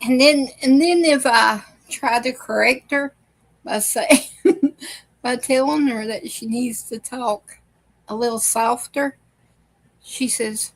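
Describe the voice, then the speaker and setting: A woman's voice: a little high, takes it slowly, long pauses, poor audio. A woman hosting a casual reaction vlog, telling family stories in a chatty way and laughing often. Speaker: video host.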